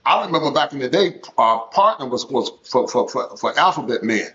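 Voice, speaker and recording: A man's voice: mid-range voice, expressive, a little fast, a bit bright. A man speaks as a guest in a casual live-stream conversation. He is emphatic and keeps repeating words and phrases to drive his points home. His voice comes through dull, lo-fi stream audio.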